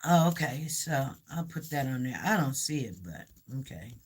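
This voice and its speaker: A woman's voice: extremely low pitch, very animated, moderate pace, slight background noise. A woman hosting a casual livestream chat, rambling and repeating herself as she talks and reads out viewer comments. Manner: coaxes her dog with cooing repeats. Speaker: livestream host.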